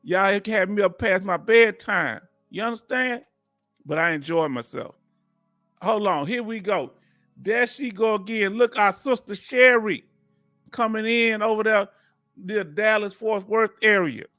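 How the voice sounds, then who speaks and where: Reading viewer comments aloud in folksy fashion, a man hosts a laid-back veterans live chat; he's in his fifties, from Texas in the United States, with a Southern accent. His voice sits high and comes across bright and forceful, a little slow. Clean studio audio, no room sound, soft music underneath.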